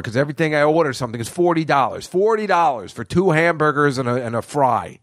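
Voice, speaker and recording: A man's voice: mid-range voice, animated, fast, hardly any pauses, no room sound, studio quality. A man in his fifties hosting his own podcast, telling a rambling, profane story and laughing at his own jokes. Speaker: podcast host. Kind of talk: casual rambling monologue.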